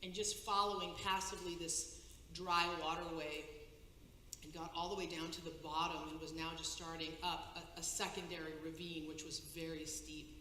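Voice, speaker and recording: A woman giving a personal testimony on stage, telling a dramatic story with halting restarts and breathless pacing. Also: deep voice, flat delivery, pushed and bright. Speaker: conference speaker. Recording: echoey hall, faint noise.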